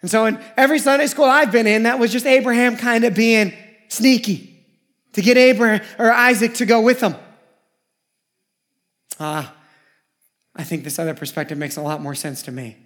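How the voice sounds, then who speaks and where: A man preaching a sermon as pastor, emphatic and repetitive, swinging from loud lines to hushed ones. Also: high-pitched, moderate pace, long pauses.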